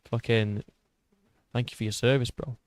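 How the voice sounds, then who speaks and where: A young British man in his twenties holds forth on a livestream, cursing freely and tripping over false starts as he argues back at his viewers. His pitch sits in an ordinary middle range, and the sound is dry and close, with no room around it. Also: little pitch movement, normal speed, no echo. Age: 20s. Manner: swears often, restarts sentences, argues with a rough edge. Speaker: YouTube MMA channel host. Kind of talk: casual livestream chat reading viewer comments.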